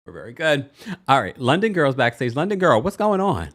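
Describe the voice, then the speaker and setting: A man hosting a live call-in show, playful and quick with asides. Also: mid-range voice, sing-song, a bit bright. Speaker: host.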